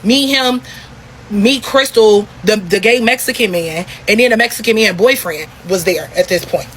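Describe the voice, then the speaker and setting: A young woman telling a story in a casual vlog, talking in a profane, animated, repetitive way. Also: medium pitch, normal speed, slight background noise, low-quality recording.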